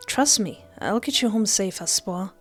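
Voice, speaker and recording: A handsome young neighbor speaks softly and kindly, reassuring in every line, read by a woman in her own middle-pitched voice. Faint music sits underneath. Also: animated, a little slow. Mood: gentle. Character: caring handsome young man, gentle neighbor.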